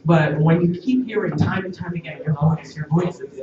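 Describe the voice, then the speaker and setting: A woman who works as a radio host, telling stories in a casual, animated way with lots of quoted dialogue. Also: low-pitched, moderate pace, a crowd in the background. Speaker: radio host, guest on a show. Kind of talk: casual storytelling interview. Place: room at a live-streamed event. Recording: echoey, distant, dull live stream with room noise.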